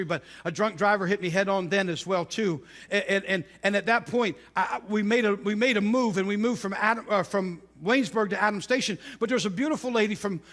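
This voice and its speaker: A middle-aged man, a pastor, preaching a sermon by telling stories, with loud exclamations that drop to hushed intensity. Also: high-pitched.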